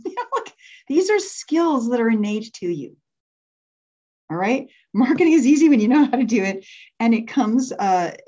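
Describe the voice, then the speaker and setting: A woman's voice: medium pitch, dark tone, lo-fi sound. A woman leading an interactive workshop for entrepreneurs. She laughs often and asks the group to raise their hands.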